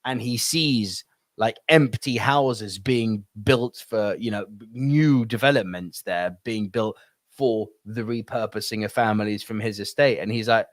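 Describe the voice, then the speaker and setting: A podcast co-host in his thirties rants about films in a casual discussion, emphatic and swearing freely. His voice is on the low side and a little slow, recorded with clean studio sound and no room sound.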